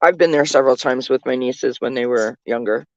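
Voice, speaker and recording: A Canadian woman, a vlogger and tarot reader, chats casually from the passenger seat of a moving car, keeping up a running commentary full of fillers. Her voice is bass, brisk and a little mellow, heard on a lo-fi recording with no echo.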